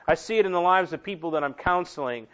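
A man's voice: on the high side, quick pace, a bit bright. A man preaching a sermon as pastor, conversational and given to repeating and restarting words. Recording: dull lo-fi recording.

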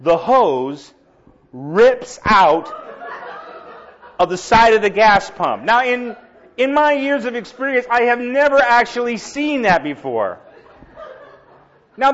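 A male pastor telling a funny story in a sermon, animated and laughing, acting out the voices of the people in it. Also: sits high. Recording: dull lo-fi recording.

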